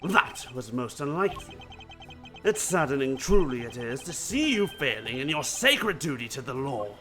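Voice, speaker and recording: Brief: scheming older male prosecutor, condescending and mannered, dropped lower than the player's own voice. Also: sing-song, normal speed, fairly bright tone, faint music behind. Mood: smug.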